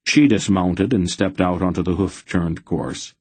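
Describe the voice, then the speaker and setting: Steady, measured storytelling comes from a male audiobook narrator whose voice is low, slow and husky. The scripted narration has no room sound.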